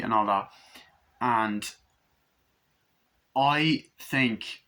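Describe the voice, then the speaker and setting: A man's voice: mid-range voice, very animated, slow, long pauses, fairly bright tone. A young man casually reviewing a film, rambling with lots of fillers and offhand swearing.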